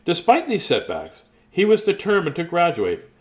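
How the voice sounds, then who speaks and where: A man's voice: sits high, huge pitch swings, moderate pace, slight background noise. A man reading a children's picture book aloud. He laughs often and breaks off into chatty asides. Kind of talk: casual storybook reading.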